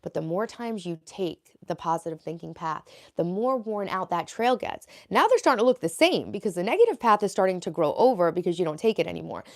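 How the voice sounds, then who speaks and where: A woman's voice: lowish voice, animated, a little fast, few pauses. A young woman on a casual live stream, chatting with viewers, answering their comments aloud and sharing self-help thoughts.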